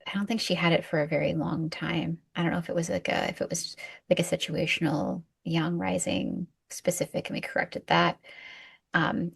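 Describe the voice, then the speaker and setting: A woman acupuncturist talks through her cases in a husky, gravelly, lowish voice. She tells stories in a lively way and pokes fun at herself, in relaxed shop talk. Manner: animated storyteller, self-mocking, quick asides. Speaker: acupuncturist, co-host. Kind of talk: casual clinical chat.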